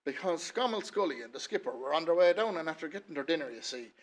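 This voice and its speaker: Higher-voiced Irish man telling a folk tale. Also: lively intonation, fast talker. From Ireland. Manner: chatty, rambling, with lots of "he says". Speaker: storyteller. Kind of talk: folksy spoken storytelling.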